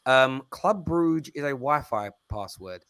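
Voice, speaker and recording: A man's voice: medium pitch, expressive, slow, a bit bright, clear, resonant tone, no room sound, clean studio sound. A man with a Cockney accent hosting a football talk show, joking and bantering with callers. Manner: jokey, bantering, self-deprecating. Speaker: host.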